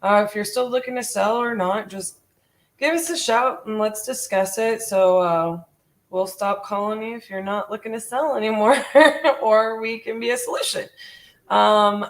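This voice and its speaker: A woman leaving casual, friendly voicemails for a seller, with many fillers, then chatting in the office. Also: medium pitch. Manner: friendly, filler-heavy, reads numbers slowly. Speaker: real estate wholesaler leaving seller voicemails.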